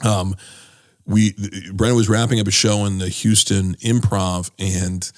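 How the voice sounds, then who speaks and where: Rambling, low-voiced storytelling man. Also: little pitch movement, measured pace. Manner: rambling storyteller, many fillers, acts out quoted voices. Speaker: podcast guest, former tour companion of a comedian. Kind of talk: casual chat.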